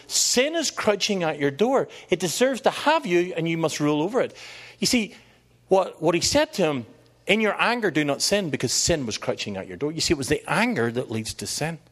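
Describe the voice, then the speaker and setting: Middle-aged man preaching; animated and conversational, voice rising and falling a lot. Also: a little high, a little fast. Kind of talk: sermon.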